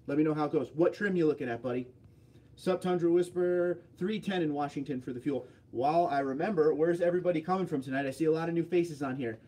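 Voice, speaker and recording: A man's voice: a little high, fast, darkish tone, slight background noise. A man hosting a casual livestream, reading viewer comments aloud and answering them offhandedly. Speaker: livestream host.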